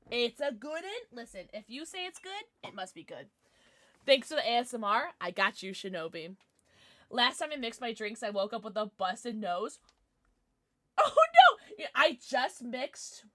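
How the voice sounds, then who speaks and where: A young woman chatting on a live stream from her home setup, bubbly and quick to gasp or laugh. Her voice sits high and bright and swings widely in pitch. The sound is close and dry, with hardly any room in it. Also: no room sound. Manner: bubbly, reads chat aloud, gasps and laughs often. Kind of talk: casual live-stream chat.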